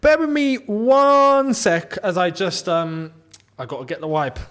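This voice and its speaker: A young man hosting a live football watchalong, chatty and quick to laugh as he talks to his viewers. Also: high-pitched, a bit bright, clean tone. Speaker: football channel host.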